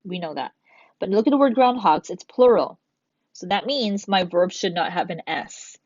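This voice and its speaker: A woman's voice: mid-range voice, animated, moderate pace, darkish tone, no room sound. A woman teacher giving a recorded grammar lesson, patiently explaining step by step and reading examples aloud. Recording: dull, dry lo-fi sound.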